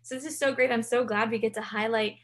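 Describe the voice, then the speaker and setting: A woman's voice: on the high side, steady tone, fast talker. A young woman hosting a podcast, upbeat and effusive as she thanks her guest and signs off. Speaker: podcast host. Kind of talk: podcast interview and outro.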